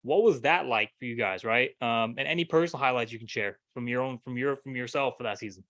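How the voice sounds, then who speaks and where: A man hosting a podcast, asking questions in a chatty way with many fillers and quick backchannels. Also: medium pitch, fairly bright tone. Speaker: podcast host. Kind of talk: casual interview.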